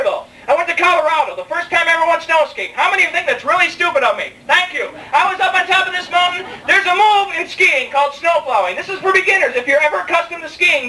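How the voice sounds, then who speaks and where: High-voiced young man doing stand-up. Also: pushed and bright, slight background noise. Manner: rambling, self-mocking, jokes with the crowd. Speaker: stand-up comedian. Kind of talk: stand-up comedy set. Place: comedy club stage. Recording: distant mic in a live club, faint room ambience.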